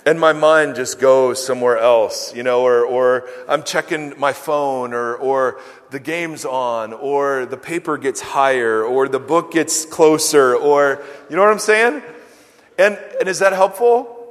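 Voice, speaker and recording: A man preaching a sermon in an animated, emphatic way, with self-mocking humor. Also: medium pitch, unhurried, big-room sound. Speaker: pastor. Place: large church hall.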